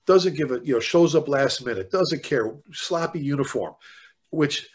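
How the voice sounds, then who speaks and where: A man from the fire service talking casually on a podcast, telling stories with animated energy. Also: a little high, normal speed, slightly rough. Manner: animated storyteller, excited when retelling.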